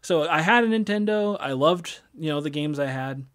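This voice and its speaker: A man's voice: a little high, expressive, normal speed, fairly bright tone. Rambling man hosting a podcast. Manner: rambling, many fillers and restarts. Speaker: podcast host. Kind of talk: casual chat.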